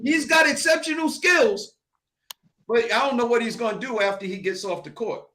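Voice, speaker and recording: A man's voice: very high-pitched, moderate pace, sharp tone. A man giving his take in a casual sports debate, emphatic and storytelling. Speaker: sports panelist.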